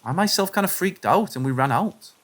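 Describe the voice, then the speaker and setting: A man's voice: sits high, expressive, a little fast, a bit bright. Man reading paranormal stories aloud. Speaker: narrator reading viewer stories. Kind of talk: scripted narration of submitted stories.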